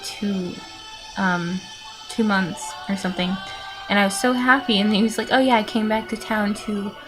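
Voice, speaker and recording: A nineteen-year-old woman casually rambling through follower questions in a vlog, with lots of fillers, sighs and little laughs. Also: medium pitch. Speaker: vlogger answering follower questions.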